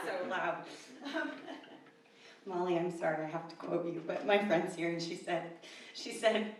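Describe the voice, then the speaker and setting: A woman in her thirties tells a true story at a live event, chatty and self-deprecating with plenty of fillers. Her voice is on the low side, at a measured pace with frequent pauses. The room is echoey with a distant mic, faint ambience and a little hiss or hum.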